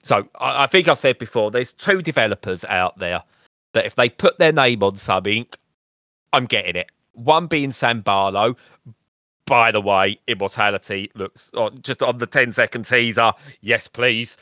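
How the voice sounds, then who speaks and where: A man's voice: mid-range voice, lively intonation, normal speed, sharp tone, no room sound. A man co-hosting a gaming podcast, chatting casually with dry, self-mocking humour. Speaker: podcast co-host.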